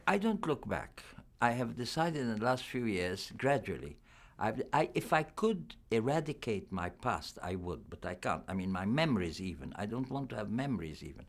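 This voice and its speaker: Older actor at a press junket, gravelly and low, swinging his pitch widely, candid and musing. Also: big pitch swings, normal speed. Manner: reflective, candid, chuckling. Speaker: film actor being interviewed.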